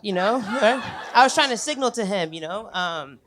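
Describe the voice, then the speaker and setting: A man's voice: high voice, expressive, fairly quick, fairly bright tone. Young man, stand-up comic, casual swearing storyteller with a chuckle, noisy club recording. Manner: conversational, chuckles between lines, swears freely. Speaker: stand-up comedian. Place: comedy club on stage. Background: audience laughter.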